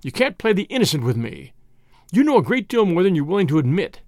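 A man's voice: high-pitched, big pitch swings, fast, darkish tone, no room sound, studio quality. A man voicing a blustering, suspicious middle-aged man who snarls and barks his lines in a storybook reading. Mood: gruff. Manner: snarling, barking.

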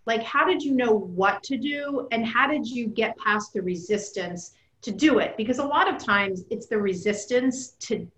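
A woman's voice: fairly high pitch, moderate pace, hardly any pauses, fairly bright tone, roomy sound, poor audio. A woman hosting a podcast, asking a guest long, encouraging questions. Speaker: podcast host. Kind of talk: interviewing a guest.

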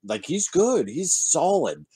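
A man's voice: a little high, wildly swooping pitch, takes it slowly, warm tone, slightly rough, no echo. A man co-hosting a casual podcast, wry and joking. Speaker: podcast co-host.

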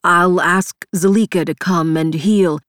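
A woman voicing a steady, protective man in an audiobook, speaking softly, carefully and firmly. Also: fairly low pitch, a little slow, no room sound, studio quality. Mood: calm. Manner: soft, careful, soothing. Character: steady, protective man, soothing but firm. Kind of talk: audiobook character voice.

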